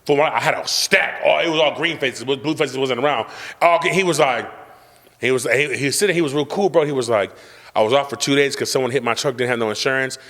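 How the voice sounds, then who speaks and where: A man's voice: mid-range voice, fast, fairly bright tone, long reverb tail. A young man hosting a casual chat, telling a boastful, profane, slang-heavy story. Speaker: podcast host telling a story.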